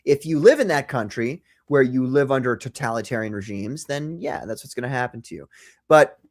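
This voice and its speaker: A man's voice: mid-range voice, animated, a little fast. A man from the United States hosting a casual livestream chat, ranting profanely and laughing often. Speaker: podcast host.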